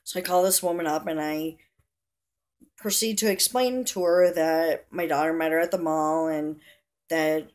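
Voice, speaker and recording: A woman's voice: sits low, steady tone, unhurried, darkish tone. A middle-aged woman vlogging to camera, telling a story in a chatty, indignant, rambling way with lots of fillers.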